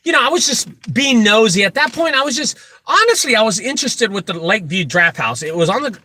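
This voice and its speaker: A man who runs a junk removal business, telling animated, joking stories full of asides as he gives casual advice. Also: sits high, a little fast. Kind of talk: casual storytelling advice talk.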